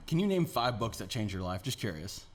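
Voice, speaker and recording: A man's voice: fairly low pitch, big pitch swings, fairly quick. A man in his thirties, a podcast guest in casual chat, easygoing and reflective. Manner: easygoing, reflective, many fillers.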